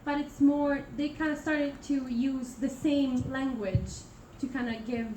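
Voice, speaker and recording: Heard from far away in a noisy, reverberant room, an Italian student presenter stumbles through her classroom talk with frequent fillers and restarts. The young woman's voice is high and warm, with fairly even intonation and a slightly slow pace.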